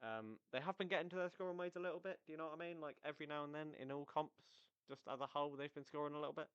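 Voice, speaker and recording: A man's voice: on the high side, very fast, a bit bright, clear, resonant tone, no echo, muffled recording. A man hosting a casual football recap, talking energetically and rambling into tangents. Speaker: football podcast host.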